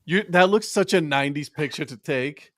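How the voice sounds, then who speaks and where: A man's voice: on the high side, moderate pace, a bit bright, dry recording, clean studio sound. A man co-hosting a casual sports show, jokey, laughing often and blurting out swears. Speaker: co-host.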